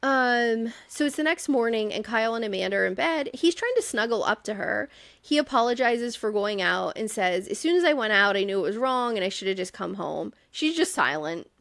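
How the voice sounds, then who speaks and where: A woman co-hosting a podcast, recapping a reality show in casual chat, exasperated and profane, with quick asides. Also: on the high side, animated, vocal fry, fairly bright tone, dry recording. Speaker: podcast co-host.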